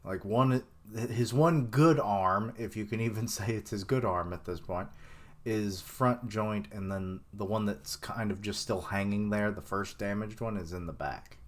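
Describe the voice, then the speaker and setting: A man's voice: fairly low pitch, unhurried. A young man giving casual live reaction commentary on a manga chapter, rambling with lots of fillers and chuckles.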